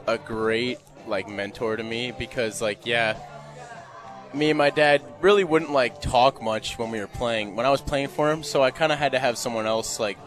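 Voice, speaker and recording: A man in his twenties, a volunteer assistant coach, answering interview questions in a halting, rambling way. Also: mid-range voice, fairly bright tone. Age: 20s. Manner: halting, full of fillers and restarts. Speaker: guest, former player and volunteer assistant coach. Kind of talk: radio interview.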